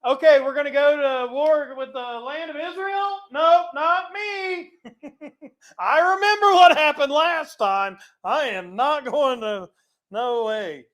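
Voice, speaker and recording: A woman voicing a wary enemy soldier who flatly refuses to go to war again, in a wry, dismissive tone. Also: high-pitched, slow pace, pitched above the performer's own voice. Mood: wry refusal.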